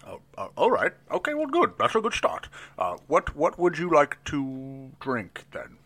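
Man playing a stammering elf barkeep, nervous, bright voice, lively pitch. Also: unhurried, exaggerated voice. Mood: flustered. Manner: stammering, flustered.

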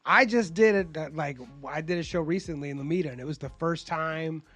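A man from South Bay, California, a comedian guest telling profane, animated stories in a casual podcast chat. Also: a little high, a little fast.

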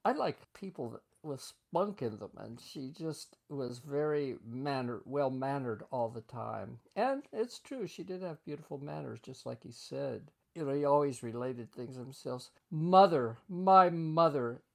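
This is an older man sitting for an oral history interview. He talks in a loose, chatty way and laughs often as he tells his stories. His voice sits at a middling pitch for a man. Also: animated, unhurried, vocal fry, few pauses, darkish tone. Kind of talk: reminiscing storytelling.

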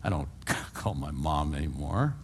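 A man's voice: rumbling low, unhurried, slight background noise. Older man preaching with folksy animation. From California, USA. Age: around 80. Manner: folksy, animated storytelling with humor, swings between hushed and loud. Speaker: pastor. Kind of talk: sermon. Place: church before a congregation.

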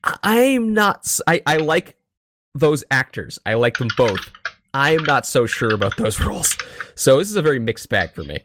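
A man hosting a podcast, presenting headlines and giving easygoing, measured opinions in casual chat. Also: mid-range voice, sing-song, noisy background. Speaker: podcast host.

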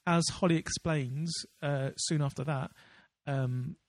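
A man's voice: on the high side, steady tone, takes it slowly, no echo. A man co-hosting a podcast in casual chat, rambling with many fillers and restarts. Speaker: podcast co-host.

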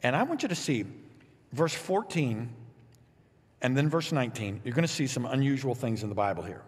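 A man preaching a sermon as pastor, animated and playful, reading scripture with lively asides. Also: mid-range voice, brisk, husky, in a large hall.

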